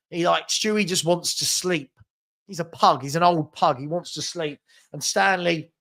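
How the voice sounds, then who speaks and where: A young man runs a live fan watchalong, chatting casually into a desk mic and reading viewer comments aloud. His voice is high for a man and a bit bright, and his speech is loose and full of ums and restarts.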